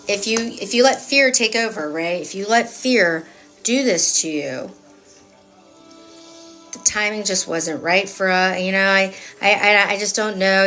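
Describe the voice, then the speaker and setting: A woman reading tarot on a live stream, talking straight to her viewers in a casual, sassy manner. She swears freely and repeats phrases to drive a point home. Her voice sits in an ordinary middle pitch, with soft music faint behind her. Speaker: tarot reader.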